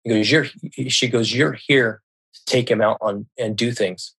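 A man's voice: medium pitch, steady tone, moderate pace, gravelly, a bit bright, slightly rough. Candid middle-aged man telling his story. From United States. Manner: candid, recounting dialogue, swears freely, many restarts. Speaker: podcast guest. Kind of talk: personal storytelling.

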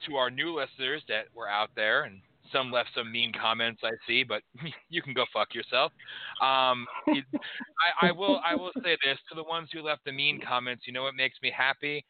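Over a headset, a medium-pitched man hosts a call-in political radio show, his dry voice coming through tinny and phone-like. His casual political chat turns into brash, profane, sarcastic ranting.

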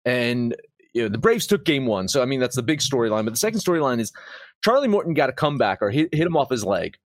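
A man hosting a sports betting show, talking in a casual, animated way with frequent swearing and emphatic outbursts. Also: medium pitch, fast talker, dry recording, studio quality. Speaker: sports betting podcast host.

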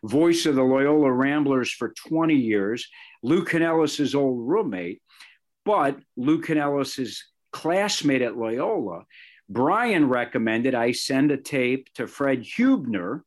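A middle-aged man from the area, a sportscaster telling personal stories in an interview, animated and full of asides. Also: medium pitch. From Chicago area, Illinois. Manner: animated, anecdotal, with fillers and self-corrections. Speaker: sportscaster guest.

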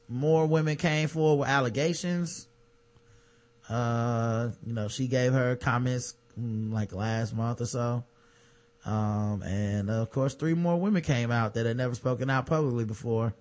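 A man of middling pitch co-hosts a casual podcast. He reads news stories aloud in a plain voice, then stops to throw in blunt, profane, sarcastic asides. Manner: sarcastic, profane commentary between read-out news items. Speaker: podcast co-host.

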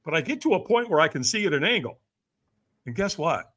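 High, lively middle-aged man telling a story. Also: fairly quick. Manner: lively, acts out quoted voices, frequent "right?". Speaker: podcast guest, personal development coach. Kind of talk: animated storytelling in a podcast interview.

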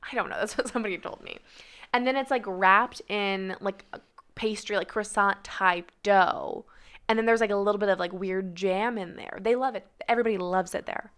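A young woman from Arizona talking as a podcast guest in a casual, animated way, full of "like" and "dude". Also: mid-range voice, a little fast, clean tone. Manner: animated, chatty, heavy on "like" and "dude".

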